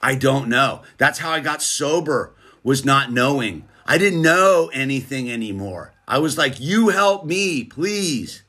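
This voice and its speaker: A middle-aged man hosting his own channel, giving a casual motivational monologue in a slangy, laid-back way, speeding up and slowing down for emphasis. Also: mid-range voice. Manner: laid-back slangy, keeps saying "dude"; animated, swings between fast bursts and slow emphasis. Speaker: channel host.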